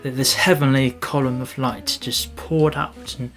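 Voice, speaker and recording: A man narrates his photography vlog in an easygoing, unpolished way, often pausing, backtracking and correcting himself mid-sentence. His voice sits at an ordinary middle pitch. Soft guitar music plays faintly in the background. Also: fairly even intonation. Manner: halting, with many restarts and soft asides. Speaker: landscape photographer.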